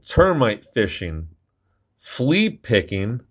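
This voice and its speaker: A man reading a children's picture book aloud as a gentle grandfather storyteller. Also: medium pitch, big pitch swings, very slow, husky.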